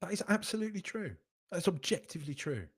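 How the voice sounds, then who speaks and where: A man's voice: sits high, expressive, quick pace, breathy edge. Emphatic man ranting on a football podcast. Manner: emphatic, repeats phrases while arguing. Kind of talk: casual live-stream commentary reading chat.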